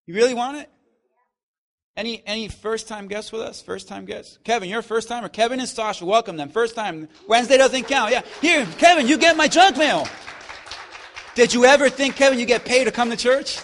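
A man preaching a sermon as pastor, swinging from loud emphatic lines to quiet stretches and joking with his congregation. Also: very high voice, fairly quick. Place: church.

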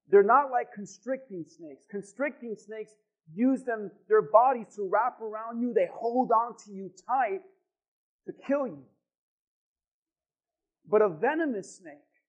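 High-voiced pastor preaching slowly. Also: male voice. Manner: emphatic repetition and rhetorical questions to the congregation. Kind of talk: sermon. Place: church. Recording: dull lo-fi sound.

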